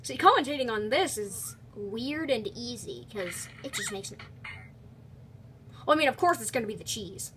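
A young woman commenting on a video game she is playing, excitable, with quick exclamations and teasing of the character on screen. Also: on the high side, slight background noise. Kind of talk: let's play commentary.

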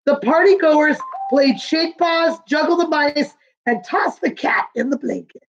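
Woman, kindergarten teacher, picture-book read-aloud, gentle, asks questions, high voice, dull muffled sound. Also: unhurried. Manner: gentle, explains words, asks children questions.

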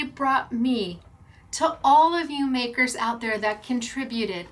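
A woman's voice: on the high side, animated, a bit bright, a little hiss or hum. Gushing, emotional woman craft host. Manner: gushing, emotional, laughs often, slow and fond. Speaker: craft store owner and host. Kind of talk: unboxing and showing crafts on a class video. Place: her retail craft store.

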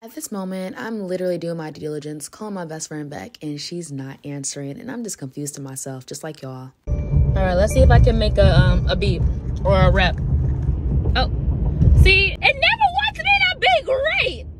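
A young woman vlogger chats playfully to camera, often from her car, in a lowish, fairly quick voice over very noisy audio. She's casual and talkative, breaking into song now and then.

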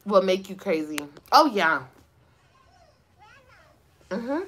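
A woman's voice: medium pitch, big pitch swings, takes it slowly, long pauses, sharp tone, faint music behind. A young woman livestreaming from her phone, ranting to viewers in a blunt, profane, sassy way and laughing often. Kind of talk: casual live-stream rant.

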